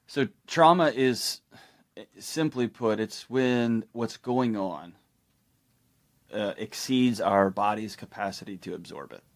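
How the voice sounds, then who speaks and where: A middle-aged man explaining ideas as a podcast guest, telling stories in a lively way and acting out the people he quotes. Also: lowish voice, takes it slowly. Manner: animated storytelling, acts out quoted people. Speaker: guest expert. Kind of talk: conversational explanation.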